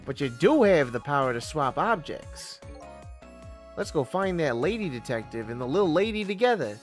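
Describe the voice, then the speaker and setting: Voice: mid-range voice, very animated, moderate pace, faint music behind, natural voice. A streamer reading the lines of a male ghost protagonist with lost memories, in a dry, mostly natural voice. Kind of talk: game dialogue read aloud.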